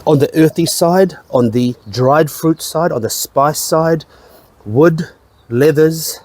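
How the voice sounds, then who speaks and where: A man's voice: fairly high pitch, takes it slowly, darkish tone. Man rambling through whisky notes. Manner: rambling, repeats phrases, swears casually. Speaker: whisky reviewer. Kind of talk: casual tasting-note chat.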